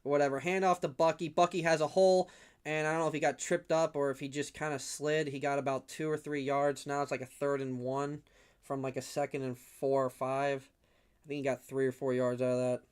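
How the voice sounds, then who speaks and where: This young man's voice is mid-range, clear, and resonant, fairly quick with flat delivery, as he gives casual fan play-by-play on a livestream from his home room. He rambles along and shouts when big hits land.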